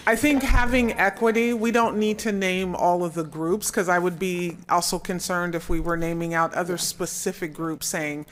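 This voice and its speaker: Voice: medium pitch, steady tone, moderate pace, hardly any pauses. A school board member making a point in discussion, hedging with I think and right.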